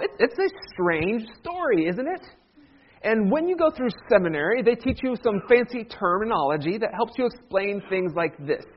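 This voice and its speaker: High-voiced joking pastor. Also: male voice. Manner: joking, conversational storyteller. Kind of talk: sermon with humor. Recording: dull lo-fi sound.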